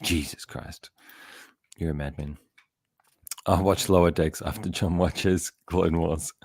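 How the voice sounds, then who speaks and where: A man's voice: low-pitched, steady tone, takes it slowly, darkish tone, breathy edge, no echo, clean studio sound. A middle-aged man, hosting a casual chat and laughing often as he rambles. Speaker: podcast host.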